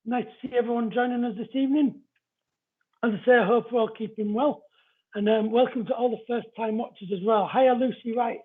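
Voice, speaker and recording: Husky-voiced man reading cards on a live stream. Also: extremely high pitch, steady tone, fairly quick. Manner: chatty, greets viewers between explanations. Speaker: psychic card reader. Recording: narrow phone-like audio.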